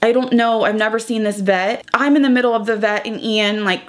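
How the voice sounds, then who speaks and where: A woman's voice: a little high, fairly even intonation, brisk. A young woman vlogger, crying as she talks through a painful personal update. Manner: tearful, breaking up while retelling. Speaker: beauty vlogger. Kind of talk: emotional personal vlog.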